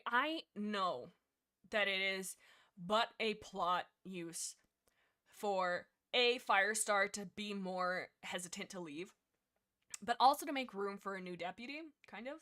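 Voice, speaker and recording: A young woman hosting a livestream, talking in a casual, rambling way and jumping from point to point. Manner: rambling, jumps between points, lively swings in pitch. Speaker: livestream host discussing books.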